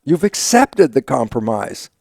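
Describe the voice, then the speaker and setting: An older man, a biologist guest in an interview, telling stories with lively acted-out quotes of his own inner dialogue and frequent laughs. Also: medium pitch, unhurried, vocal fry, no echo. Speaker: guest, stem cell biologist. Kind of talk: animated storytelling interview talk.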